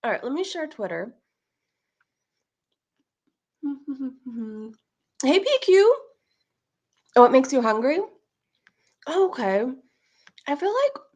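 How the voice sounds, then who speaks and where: A woman hosts a relaxed livestream and talks straight to her viewers. She chats on easily, laughs often and answers comments from chat. Her voice sits fairly high and moves around a lot. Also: takes it slowly, long pauses. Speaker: livestream host.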